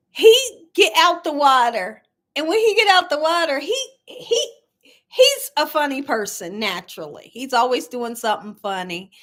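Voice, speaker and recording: Sitting high and sounding expressive with a fairly bright tone, a middle-aged woman talks at a moderate pace while hosting a laid-back livestream for her cooking channel. She tells stories, reads viewer comments, laughs frequently, and says "y'all" to her audience.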